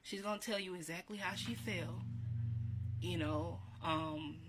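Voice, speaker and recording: A woman, chatting warmly and reminiscing, laughing often and repeating herself. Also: fairly low pitch, measured pace. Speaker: vlogger. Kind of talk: casual encouraging talk. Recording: steady background hiss.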